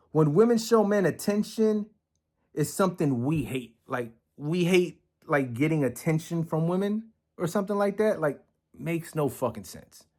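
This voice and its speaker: A man's voice: a little high, a little mellow. A man giving casual reaction commentary on a video, blunt and profane, often acting out quoted lines. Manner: acts out other people's lines in quoted voices.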